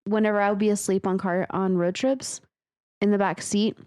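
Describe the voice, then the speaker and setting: A young woman in casual conversation as a podcast co-host, with a voice of ordinary middle pitch. She is chatty and animated, laughs easily and rushes ahead when a story gets going. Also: smooth. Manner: chatty and animated, laughs often, speeds up when telling anecdotes. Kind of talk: casual chat about submitted stories.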